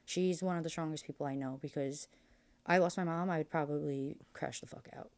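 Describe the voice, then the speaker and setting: A woman's voice: low voice, fairly even intonation, fairly quick, a little mellow. A young woman as a podcast guest, speaking candidly and emotionally, rambling with lots of fillers. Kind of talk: candid interview conversation.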